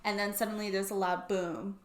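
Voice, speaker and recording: A woman's voice: medium pitch, little pitch movement, fairly quick, reverberant. A young woman recapping a book plot in a casual, sarcastic way, using "like" constantly. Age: young adult. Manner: chatty and sarcastic, heavy use of "like". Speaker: book YouTuber.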